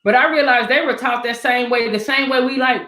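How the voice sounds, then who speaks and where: A woman hosting a casual panel, her voice a little higher than most, echoing around the room she sits in. She tells her stories with lively acted-out quotes. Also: brisk. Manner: storytelling that acts out quoted voices. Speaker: panel host.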